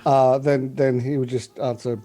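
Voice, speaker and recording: A man's voice: medium pitch, level tone, a little slow, mellow. A man playing in a tabletop game, talking casually, hesitant and searching for words. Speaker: player.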